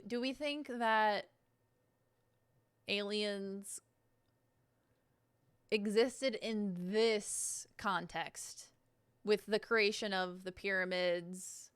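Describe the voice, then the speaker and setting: A woman's voice: medium pitch, fairly bright tone, clear, resonant tone, no room sound. Giggly young woman streamer, dry close sound. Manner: giggly, rambling, self-deprecating. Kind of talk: casual live-stream reaction chat.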